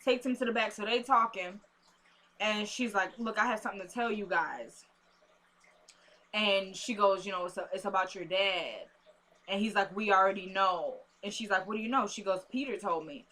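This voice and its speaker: A woman casually recapping a TV episode, acting out characters' lines in an animated, chatty way. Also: medium pitch, moderate pace. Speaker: TV recap host.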